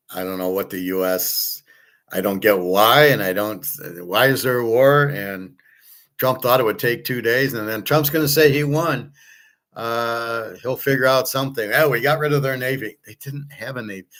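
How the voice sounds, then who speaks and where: A man's voice: fairly low pitch, a little slow, fairly bright tone. A man talking in a blunt, rambling monologue, full of profanity, fillers and restarts, who acts out both sides of imagined conversations. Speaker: sports handicapper and commentator.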